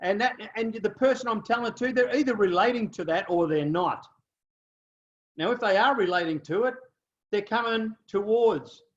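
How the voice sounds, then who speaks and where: A man's voice: high-pitched, moderate pace, dull audio. An Australian man giving a motivational training talk, telling stories animatedly and checking in with his listeners often. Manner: animated storyteller, acts out dialogue, keeps checking in with "okay?" and "right?". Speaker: business trainer.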